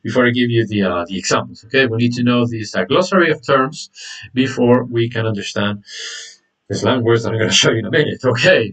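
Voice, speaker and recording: A man's voice: mid-range voice, fairly quick, fairly bright tone, recorded from a distance, low-quality recording. A man teaching an online English lesson, repeating words, saying "okay" often and greeting viewers by name.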